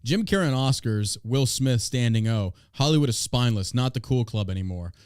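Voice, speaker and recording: A man's voice: mid-range voice, expressive, fairly quick, darkish tone, smooth, dry recording, studio quality. A man hosting a podcast, reading news aloud and ranting about it in a blunt, profane, way. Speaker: podcast host. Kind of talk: casual podcast commentary.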